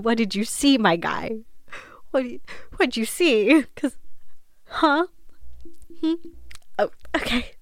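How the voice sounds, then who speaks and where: A woman's voice: on the low side, no echo, clean studio sound. A young woman hosting a podcast, telling her own spooky stories casually, swearing freely and often laughing and trailing off. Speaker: podcast host. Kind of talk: casual storytelling.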